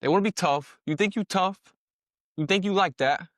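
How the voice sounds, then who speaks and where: A man's voice: high-pitched, moderate pace, no echo, clean studio sound. A man giving casual, slangy commentary on a video, repeating himself and punching in sound-effect words. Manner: slangy, conversational. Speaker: commentator breaking down police footage.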